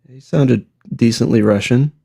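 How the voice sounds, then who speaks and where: A man's voice: mid-range voice, normal speed, gravelly, warm tone, husky. A man in an online debate who argues his point in a dry way and keeps repeating his question. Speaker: debater criticizing the trailer.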